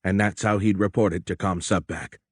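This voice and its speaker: Low-voiced male audiobook narrator. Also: husky, no echo, studio quality. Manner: measured, steady storytelling. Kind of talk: scripted narration of a war novel. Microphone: close studio mic.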